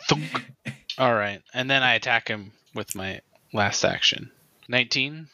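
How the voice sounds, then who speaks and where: A man's voice: medium pitch, normal speed, sharp tone. A man playing a barbarian in a tabletop game, eager, counting his rolls aloud with mock exasperation. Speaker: player. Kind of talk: casual tabletop game play.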